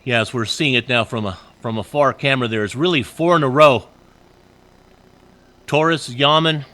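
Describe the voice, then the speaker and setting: A man's voice: mid-range voice, moderate pace, bright, forceful tone. A man doing casual, joking color commentary on a sim race, chatty and full of asides.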